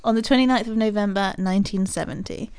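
A woman's voice: mid-range voice, quick pace, darkish tone, smooth. A young English woman co-hosting a podcast, chatting casually and laughing often as she reads case notes from paper. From England. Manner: giggly, chatty, self-deprecating. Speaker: podcast co-host.

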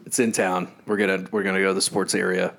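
A man co-hosting a casual podcast chat, laid-back and quick to agree. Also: low-pitched, little pitch movement, gravelly, fairly bright tone. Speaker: podcast co-host.

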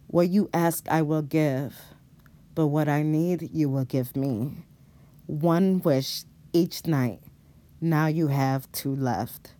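A woman putting on a low, slow shadow demon. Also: dark tone. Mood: ominous. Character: menacing shadow demon with red eyes.

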